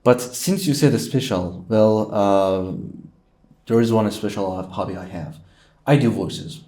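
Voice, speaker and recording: A young man from Iran, appearing as a guest in a casual interview, talks playfully with frequent hesitations and plenty of fillers. His lowish voice is warm and unhurried.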